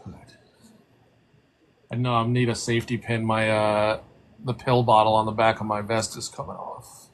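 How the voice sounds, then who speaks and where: A man's voice: lowish voice, little pitch movement, moderate pace, long pauses, slight background noise. A man from Rhode Island chatting on a video call, ranting and swearing constantly in casual talk. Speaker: group chat participant.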